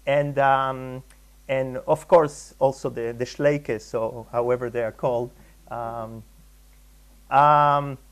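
A man's voice: mid-range voice, fairly even intonation, slow pace. A man from Israel lecturing at a conference, hesitant, with many ums and restarts. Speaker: guest lecturer, artist. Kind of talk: conference talk on caricature. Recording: live lecture hall talk.

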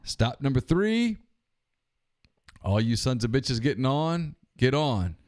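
A man voicing a little boy who plays train conductor in a joke, calling out stops slowly. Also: medium pitch, very animated, a little mellow. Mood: announcing. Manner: slow, drawn-out announcer calls.

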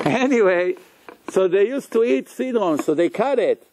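A man telling a religious story in a sermon, animated, chuckling often and acting out the quotes. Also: high voice, a little slow, long pauses, noisy background.

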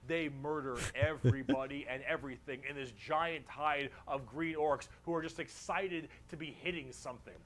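A man's voice: fairly high pitch, normal speed, few pauses. A man in a played video, explaining game lore in a loose, joking way, swearing often. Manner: jokey, profane, animated.

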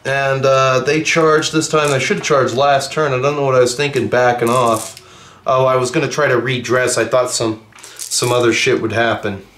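A man's voice: mid-range voice, moderate pace, a little hiss or hum. A man hosting a tabletop battle report, joking and swearing while he rolls dice. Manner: profane, joking, excitable. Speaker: tabletop game player and channel host. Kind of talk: casual battle report banter. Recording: echoey room.

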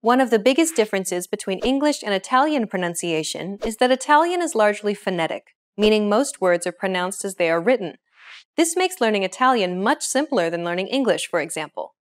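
A young adult woman hosting a language lesson, explaining in a clear, measured scripted way. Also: medium pitch, lively intonation.

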